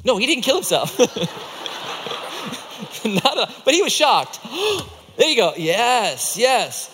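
Man, children's teacher, playful storytelling, very animated pitch, echoey hall. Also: slow, pauses often, a little hiss or hum. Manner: playful, coaching volunteers, laughing. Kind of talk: interactive Bible storytelling with volunteers.

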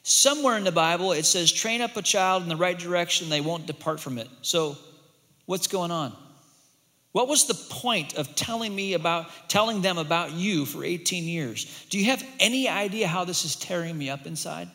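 A man preaching a sermon as pastor, earnest and emphatic, at times pleading and at times softening. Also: high-pitched, expressive, normal speed, in a large hall.

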